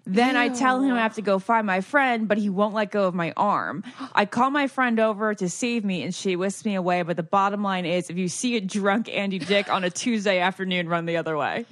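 A woman co-hosting a podcast, chatting casually and reading listener emails aloud in an animated way. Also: mid-range voice, fairly quick, hardly any pauses, no echo, studio quality. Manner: lively, reads stories aloud with animation. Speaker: podcast co-host.

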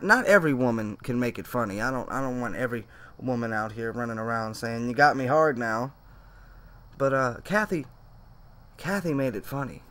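A man's voice: medium pitch, bright, forceful tone. A man giving sarcastic, mocking reaction commentary over a played video.

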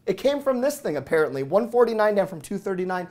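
A man in his thirties hosting a deals show, rattling off prices in an excited, auctioneer-like patter while he sweats. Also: high voice, fast talker. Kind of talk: fast product deal rundown.

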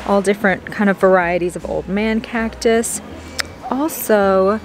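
A woman plant vlogger chatting casually as she browses a big box store garden center, easily excited. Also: mid-range voice, a little hiss or hum. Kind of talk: casual walk-through narration.

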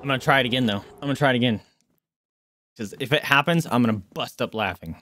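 A man streaming a game live, commentating excitably, swearing freely and taunting the enemies on screen. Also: medium pitch, quick pace, no echo.

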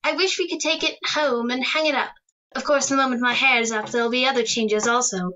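A woman's voice: high voice, fairly even intonation, a little fast, pushed and bright, dull audio. A woman voicing a playful, affectionate teenage daughter in a radio drama, teasing and bubbly. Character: playful, adoring teenage daughter putting her hair up.

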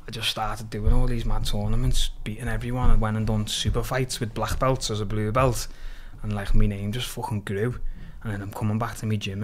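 A man from Liverpool with a Scouse accent, a podcast guest lively retelling his story with quoted dialogue and plenty of swearing. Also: lowish voice, a little hiss or hum. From Liverpool, England. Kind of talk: casual storytelling interview.

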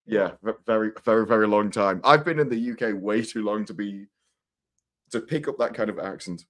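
A British man chatting casually as a guest on a live stream, his voice a little worn from shouting, talking playfully with quick restarts. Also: fairly low pitch. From Britain. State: voice going hoarse from shouting. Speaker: guest co-host. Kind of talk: casual chat.

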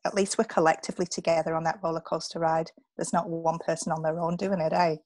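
Woman guest, relocation coach; lower voice, lively, dry close mic. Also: fast talker, no room sound. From England. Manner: upbeat, animated, coaching asides. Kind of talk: casual interview chat.

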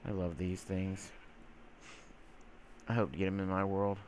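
A deep, level, somewhat mellow man talks unhurriedly through his gameplay, with a little hiss or hum in the recording. Rambling and full of fillers, he sometimes teases game creatures in baby-talk.

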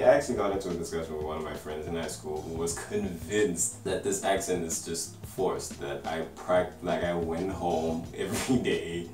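Deep-voiced twenties vlogger with an American-sounding accent, laid-back rambling delivery, recorded a little off-mic with faint music behind. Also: male voice, far from the mic. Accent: American-sounding English. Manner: relaxed, rambling, full of "like". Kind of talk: casual storytelling to camera. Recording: roomy and a bit off-mic.

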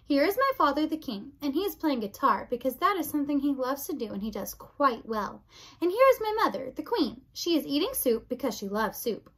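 A woman reading aloud voices a kind, polite twelve-year-old princess who patiently repeats herself louder. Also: sits high, very animated, a little fast. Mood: gentle chatty.

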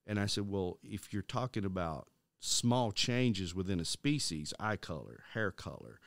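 A middle-aged man with a low voice tells a story on a casual faith podcast, stopping and restarting his sentences as he goes. He acts out the voices of the people in his story. The sound is dry and close to the mic. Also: lively intonation, a little slow, no echo. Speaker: podcast co-host. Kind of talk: casual Christian podcast conversation.

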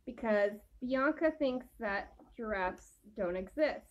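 A woman's voice: fairly high pitch, animated, slow pace, lo-fi sound, slight background noise. A woman co-hosting a casual vlog, upbeat and laughing, reading out viewer comments. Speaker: vlog co-host. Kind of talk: casual chat. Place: hotel room.

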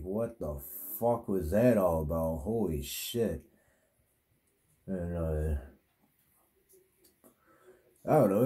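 Low, dark-voiced man rambling crudely. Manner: crude, profane, meandering with many fillers. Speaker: vlogger telling a dream. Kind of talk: rambling casual monologue.

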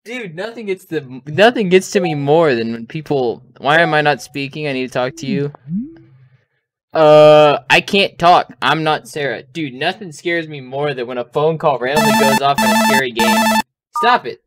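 A man playing a video game, reading its texts aloud and reacting in a quick, jumpy way. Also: on the high side. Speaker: let's play gamer. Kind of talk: casual game commentary.

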